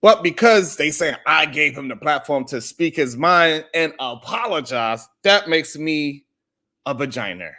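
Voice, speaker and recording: A man hosting a live stream delivers an animated monologue, telling a long story, voicing its characters, and greeting chat members by name. His voice sits on the high side with lively intonation, a sharp tone, and a measured pace.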